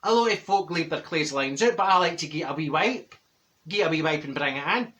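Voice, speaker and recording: A man's voice: a little high, animated, brisk, pushed and bright. A man voicing a chatty, brash middle-aged Glasgow woman with a Glaswegian Scottish accent, telling gossipy stories to camera in an exaggerated comic manner. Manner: gossipy, exaggerated, bursts of laughter, theatrical outbursts. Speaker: comedy character monologue. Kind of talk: comic character monologue to camera.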